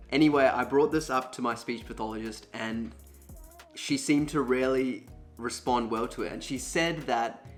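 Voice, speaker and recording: Chatty young man with a smooth, low voice. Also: fairly bright tone. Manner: chatty, candid, many fillers. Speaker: vlogger sharing his own voice story. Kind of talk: casual personal storytelling.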